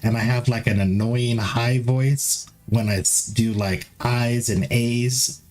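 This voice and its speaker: A man talking loosely on a live stream, with a lisp, a nasal edge and raspiness in his low notes, rambling through fillers in a self-deprecating way. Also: fairly even intonation, slow pace, a little mellow. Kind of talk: casual live-stream chat.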